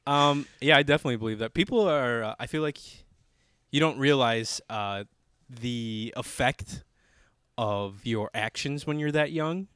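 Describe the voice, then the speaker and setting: A man's voice: mid-range voice, a little slow, a bit bright, clear, resonant tone, dry recording, clean studio sound. A young man hosting a podcast, bantering casually with fillers and swearing. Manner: joking, profane, loose with fillers. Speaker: podcast host.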